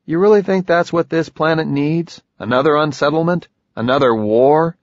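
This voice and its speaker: A man plays a hard-edged male envoy agent in an audiobook, voiced noticeably higher than the narration. He pushes, needles and swears. The sound is dry and slightly dull. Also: no room sound, lightly acted. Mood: pressing. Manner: wry, pressing, quick to swear. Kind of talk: audiobook character voice.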